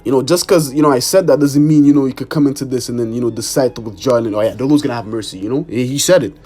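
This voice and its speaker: A man's voice: mid-range voice, fast, warm tone, faint music behind. A man preaching an informal sermon and reading scripture, emphatic, repeating "man" and cursing for emphasis. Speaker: street preacher.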